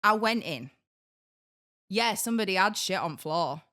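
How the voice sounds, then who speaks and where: A woman, co-hosting a podcast and telling a story in a casual, animated way, laughing through her words. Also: medium pitch, a little slow. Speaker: podcast co-host.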